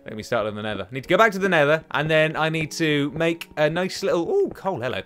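A man's voice: a little high, lively intonation, quick pace, fairly bright tone, faint music behind. A young man hosting a let's play from home, rambling to himself and taunting enemies as he plays. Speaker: gaming channel host. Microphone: desk microphone.

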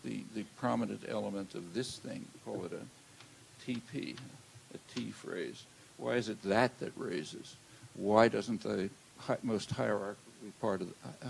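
Older man lecturing, low gravelly voice. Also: slight background noise, low-quality recording. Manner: measured, halting, many "uh" fillers. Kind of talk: academic lecture. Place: lecture hall. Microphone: handheld or lectern mic.

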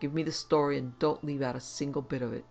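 Man playing gruff suspicious constable O'Brien. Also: mid-range voice, steady tone, quick pace, darkish tone, soft background music, lightly acted. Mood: gruff questioning. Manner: blunt, barking, rustic grammar. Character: gruff suspicious male small-town constable, about forty.

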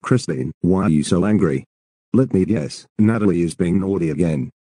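A performer voicing a calm, soothing cartoon father with a very deep voice. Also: normal speed, slightly rough, dry recording.

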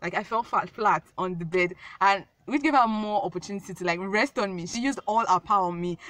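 A woman's voice: medium pitch, fairly quick, fairly bright tone, no room sound. A young woman telling a casual storytime vlog, rambling and repeating herself with many fillers. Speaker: vlogger.

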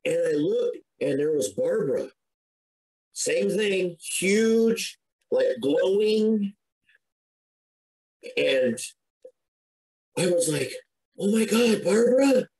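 A man's voice: on the high side, expressive, very slow, pauses often, darkish tone, rough recording. A middle-aged man, a podcast guest, earnestly recounting a personal story in a conversational way, with frequent restarts and an emotional edge.

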